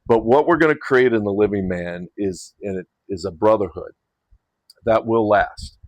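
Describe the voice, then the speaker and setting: Man hosting a retreat, lowish voice, loose rambling talk with restarts. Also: normal speed, no echo, low-quality recording. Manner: rambling, restarts and self-corrections, chuckles. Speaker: men's retreat host. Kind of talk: casual invitation to camera.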